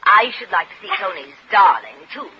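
An actress playing a haughty socialite. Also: female voice, mid-range voice, sing-song, normal speed, lightly acted. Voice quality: snooty, drawling. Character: haughty jealous London society woman. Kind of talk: 1940s radio acting. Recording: muffled old radio recording with hiss.

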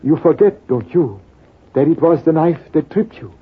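A man's voice: fairly high pitch, animated, normal speed, slightly rough, pitched above the performer's own voice. A man voicing a wounded old stranger who speaks solemnly and calls the hero his son, in 1940s radio acting. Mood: pleading. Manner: solemn, fatherly pleading. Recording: tinny, lo-fi old radio broadcast.

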